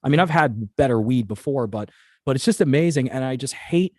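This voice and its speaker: Man with a faint Boston accent, mid-pitched voice, quick jokey talk, dry sound. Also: lively intonation, darkish tone, dry recording. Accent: slight Boston. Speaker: host. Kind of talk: casual interview chat.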